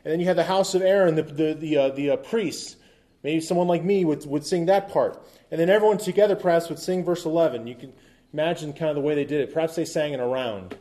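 A man's voice: a little high, quick pace, mellow. A man preaching a sermon as pastor, talking conversationally with asides and quips, and reading scripture aloud with emphasis.

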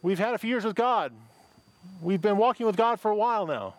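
Man preaching a chatty sermon, higher voice. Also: expressive, brisk, no echo. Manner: conversational preaching with asides and repetitions. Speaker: pastor. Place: church service with a parking-lot and online audience.

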